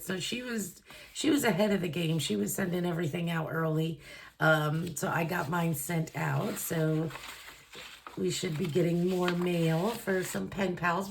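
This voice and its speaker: A woman's voice: on the low side, a little hiss or hum. A woman budgeting vlogger chatting casually to camera, gushing and emotional, with a lot of fillers. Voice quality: gravelly, creaky voice.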